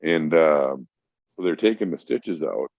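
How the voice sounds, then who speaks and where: A man's voice: extremely low pitch, lively intonation, measured pace, creaky, dry recording. A man, a podcast guest who works in mental health, tells a story in a casual, emphatic and profane way. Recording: dull lo-fi dry sound.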